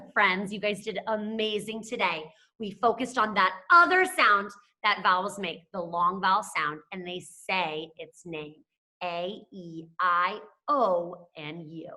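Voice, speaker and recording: A woman's voice: mid-range voice, bright, forceful tone. A woman teacher giving a phonics lesson to young children, stretching out and stressing words so they can follow. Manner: slow, drawn-out words stressed for young learners.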